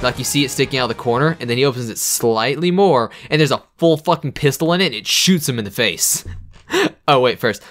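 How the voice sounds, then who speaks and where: A man giving excitable, profane, jokey commentary while playing a video game. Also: mid-range voice, brisk. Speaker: let's-play gamer.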